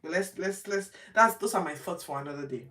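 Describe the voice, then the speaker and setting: A woman from Nigeria casually retelling Bible stories from her home study, acting out the characters' lines with lively jumps in her voice. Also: fairly low pitch, brisk, recorded from a distance. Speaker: host of a Bible reading show. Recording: roomy, from off the mic.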